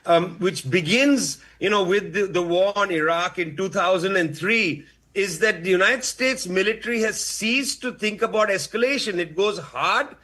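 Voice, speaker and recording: A man giving measured political analysis in a played clip, speaking deliberately with filler pauses. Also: high voice, sharp tone.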